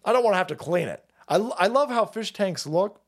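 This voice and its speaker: Profane rambling livestream host, animated pitch. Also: male voice, fairly quick. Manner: profane, rambling, laughing often. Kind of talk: casual livestream chat, reading chat.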